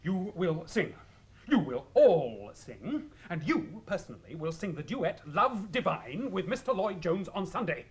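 A barking, hot-tempered choirmaster. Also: male voice, sits high, sing-song, a little slow. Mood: threatening. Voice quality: barking, blunt, drilling. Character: stern hot-tempered male choirmaster, exacting and gruff. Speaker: church choirmaster. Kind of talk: 1980s radio drama acting.

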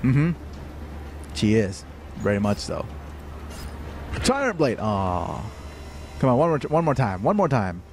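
A man hosting a game livestream, commentating as he plays, prone to excitable high-pitched outbursts and thinking aloud with many fillers. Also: a little slow, pauses often, a little hiss or hum. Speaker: livestream host playing a game. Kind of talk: live gameplay commentary.

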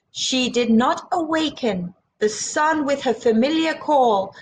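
A woman's voice: high voice, lively intonation, slow pace, hardly any pauses, slight background noise, poor audio. A woman reading a children's picture book aloud, acting out sound effects and chatting to young listeners. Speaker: children's storyteller.

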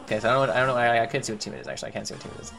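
A man's voice: mid-range voice, steady tone, very fast, vocal fry, fairly bright tone, faint music behind. A man giving casual gameplay commentary, thinking aloud, repeating himself and talking to his game characters. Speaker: gaming YouTuber.

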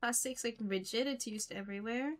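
A woman's voice: fairly high pitch, fairly quick, faint music behind. A young woman streaming a game, chatting casually with blunt, joking trash talk. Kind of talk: casual gaming chat.

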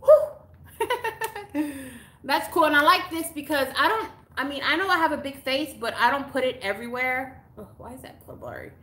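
A woman's voice: high-pitched, expressive, moderate pace, a bit bright. A woman from Texas, gushing casually as she unboxes mail on a live stream. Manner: gushing, exclamatory, chatty, with gasps and laughs. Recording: echoey room.

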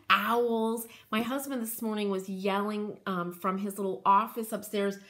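A woman's voice: medium pitch, fairly even intonation, takes it slowly, sharp tone. A woman hosting a craft channel, chatting casually and gushing with enthusiasm while rambling through asides. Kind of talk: casual show-and-tell chat.

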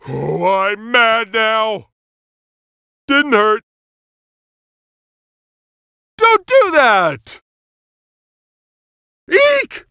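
An actor playing a dim, cheerful cartoon starfish who plays at being a superhero, with a goofy, childlike and emphatic way of talking. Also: male voice, extremely high pitch, sharp tone, dry recording, studio quality, full character voice. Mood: combative. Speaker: video game character. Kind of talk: cartoon game voice clips.

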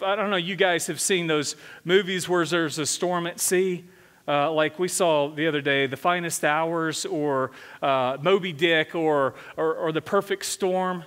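High-voiced preaching man in a reverberant hall. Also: a bit bright. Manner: conversational preaching, asks the congregation questions. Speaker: senior pastor. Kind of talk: sermon. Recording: long hall reverb from a church sanctuary.

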